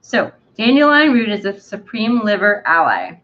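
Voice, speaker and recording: A woman hosting a live book club, reading aloud haltingly, stumbling over long words with many ums and uhs. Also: medium pitch, sing-song, muffled recording.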